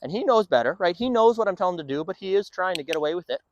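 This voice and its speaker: A man's voice: sits high, expressive, very fast, a little hiss or hum. A man working as a dog trainer, explaining his training session in an upbeat way between short firm commands to a dog.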